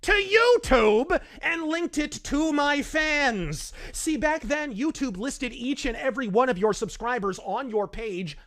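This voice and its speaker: Man, scripted sardonic commentary, lively swinging pitch, wordy theatrical delivery. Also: unhurried, hardly any pauses. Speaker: online commentator in a played video.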